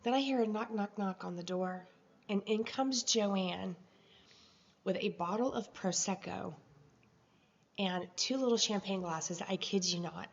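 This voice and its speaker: Woman vlogger, gravelly, dull lo-fi sound, emotional halting storytelling. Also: mid-range voice. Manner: emotional, halting, with many fillers. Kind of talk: personal video journal, storytelling.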